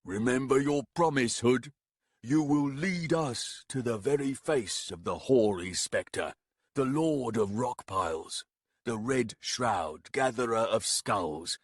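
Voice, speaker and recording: A male narrator voicing a boisterous tusked warrior leader who booms with mocking grandeur. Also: big pitch swings, slow pace, slightly rough, dry recording, clean studio sound, heavily acted. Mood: bombastic.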